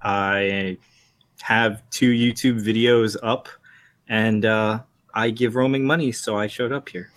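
A man guesting on a livestream, deadpan and joking. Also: lowish voice, slow pace. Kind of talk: casual livestream discussion.

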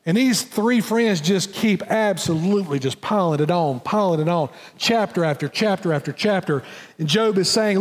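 A male pastor preaching a sermon, dropping to soft, low phrases and then rising loud and emphatic. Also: expressive, normal speed. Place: church sanctuary. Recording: long hall reverb.

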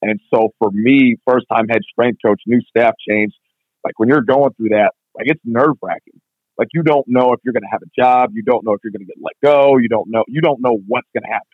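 A strength coach being interviewed, telling stories in a fast, casual way full of "like". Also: male voice, medium pitch, no room sound. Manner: fast, filler-heavy, constant "like". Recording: tinny phone-like line, dry.

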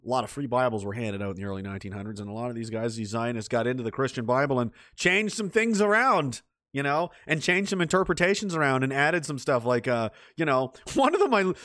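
A man's voice: medium pitch, animated, fast, a bit bright, dry recording. Give me a heated, profane man on a rambling rant, recorded dry with no room sound. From Canada. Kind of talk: casual ranting monologue.

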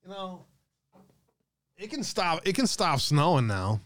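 Male livestream host, mid-pitched, swears freely, dry close sound, casual jokey chat-reading. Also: sing-song, unhurried, a bit bright, no echo. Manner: profane, jokey, reads chat comments aloud.

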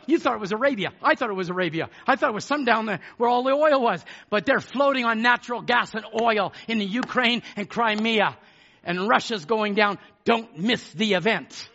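A man preaching a fiery sermon, fervent, swinging between shouted declarations and hushed asides. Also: high voice, normal speed, dull audio.

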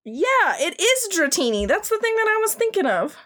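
A woman's voice: very high-pitched, very animated, moderate pace, fairly bright tone. A young woman hosting a podcast, giving a crude, sarcastic and giggly recap of a cartoon. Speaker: podcast host. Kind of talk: casual comedic recap.

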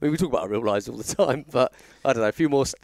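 Fast-talking podcast co-host. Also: male voice, mid-range voice, expressive, no room sound, studio quality. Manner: quick chatty interjections. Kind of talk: casual chat.

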